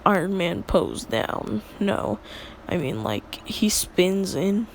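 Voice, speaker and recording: A woman's voice: on the low side, sing-song, slow, vocal fry, a little hiss or hum. A young woman casually retelling a made-up story in a rambling, filler-heavy way, laughing at her own jokes.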